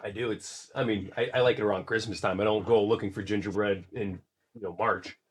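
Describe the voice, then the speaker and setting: A man's voice: on the low side, steady tone, brisk. A man co-hosting a podcast in casual chat, teasing his co-host with wry banter.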